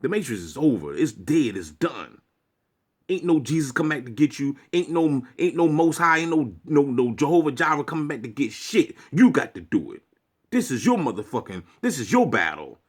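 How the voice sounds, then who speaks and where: Swearing man ranting, lively pitch. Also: moderate pace, breathy edge. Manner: preachy, swearing, lecturing. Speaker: vlogger. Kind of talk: profane monologue rant.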